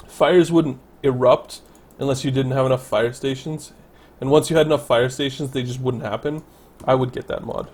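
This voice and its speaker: A man's voice: medium pitch, steady tone, moderate pace, darkish tone, slightly rough. A man casually commenting on his city-building game, thinking aloud and correcting himself as he goes. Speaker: let's play commentator.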